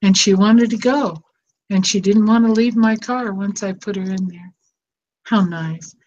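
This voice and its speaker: This is a psychotherapist show host, an older woman, with a medium-pitched, somewhat dark voice, fairly even intonation, and an unhurried delivery. She rambles tenderly and emotionally through a casual, heartfelt chat, captured in dull lo-fi audio with a little noise.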